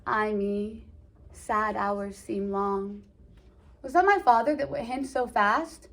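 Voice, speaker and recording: A woman's voice: medium pitch, a bit bright. A woman acting out a mopey, lovesick rich young man, sighing and drawn out. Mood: moping. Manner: sighing, slow, self-pitying.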